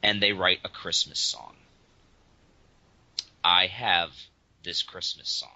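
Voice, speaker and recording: Exasperated man ranting, bright voice. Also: low voice, fairly even intonation, slow, no room sound. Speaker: podcast co-host. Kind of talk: casual comedic chat. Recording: dull lo-fi podcast audio.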